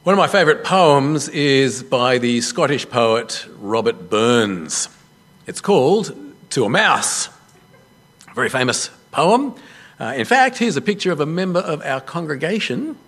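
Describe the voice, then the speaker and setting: A man preaching a sermon as a pastor, telling a story with lively self-deprecating humour. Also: medium pitch, measured pace.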